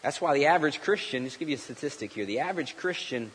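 A man's voice: a little high, lively intonation, fast talker, slightly rough. A man preaching a sermon, telling a story in a folksy way and often restarting his sentences. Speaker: pastor. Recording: long hall reverb.

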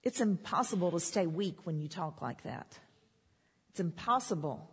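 A woman's voice: fairly low pitch, animated, moderate pace, husky. Woman preaching in an echoing hall. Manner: repetitive, rising emphatic declarations. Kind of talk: sermon. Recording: long hall reverb.

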